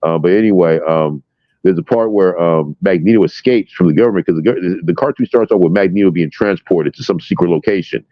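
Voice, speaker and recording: A man telling a story with excitement, full of fillers and swearing, in casual chat. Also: sits low, fairly quick, dry recording. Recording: dry, dull lo-fi sound.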